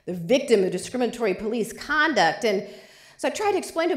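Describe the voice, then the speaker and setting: A woman's voice: fairly high pitch, fairly quick, echoey room. A woman lawyer giving a lecture, telling a vivid personal story. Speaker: civil rights lawyer. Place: lecture hall.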